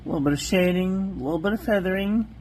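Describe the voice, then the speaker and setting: A woman hosting a calligraphy channel, methodically reviewing ink on one paper after another in a calm, soft-spoken voice. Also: lowish voice, quick pace, a little hiss or hum.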